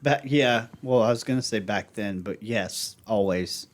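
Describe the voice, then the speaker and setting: A man's voice: on the low side, a little slow. An American man co-hosting a casual podcast chat, who laughs a lot and reads items out from a list. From United States. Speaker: podcast co-host.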